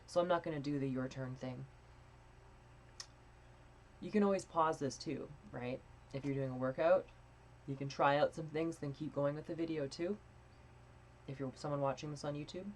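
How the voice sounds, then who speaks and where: A young woman coaching a live voice training lesson in a casual, chatty way, swearing freely and demonstrating breathy and pinched sounds. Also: sits low, normal speed, long pauses, slight background noise.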